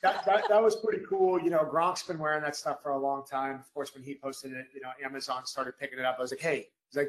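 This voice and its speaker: A man, a former Navy SEAL, telling a story as a guest at a live podcast event, emphatic and energetic, repeating phrases for punch. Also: medium pitch, roomy sound, rough recording.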